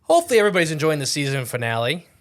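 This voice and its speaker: A man's voice: a little high, very animated, very fast. A man co-hosting a casual podcast, talking in a rambling, jokey way and often correcting himself mid-sentence. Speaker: podcast co-host.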